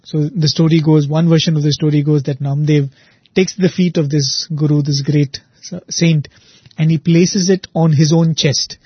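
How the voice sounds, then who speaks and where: A man retelling a devotional saint story in a relaxed, conversational way, often pausing with "you know" and "uh". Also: on the high side, husky, no room sound, dull audio. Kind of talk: spiritual storytelling talk.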